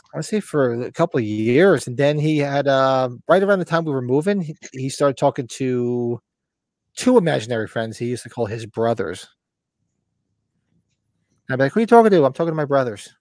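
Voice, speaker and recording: Middle-aged man, livestream host, casual chat, lively anecdotes, dry close sound. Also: medium pitch, no room sound. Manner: animated storytelling, acts out voices in anecdotes.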